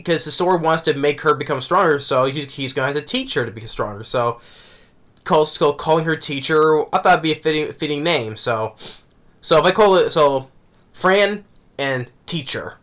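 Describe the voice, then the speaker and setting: Guy with a bright voice going over an anime episode, rambly, keeps saying right?. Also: on the high side. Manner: rambling, often asking "right?". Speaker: anime reviewer. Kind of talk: casual episode review.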